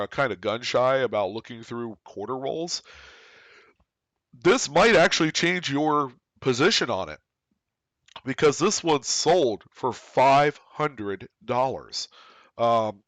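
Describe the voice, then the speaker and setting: Excited man hosting a coin report. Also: mid-range voice, measured pace, no echo. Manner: excited, emphatic, talks to viewers directly. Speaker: coin collecting channel host. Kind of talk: casual market report commentary.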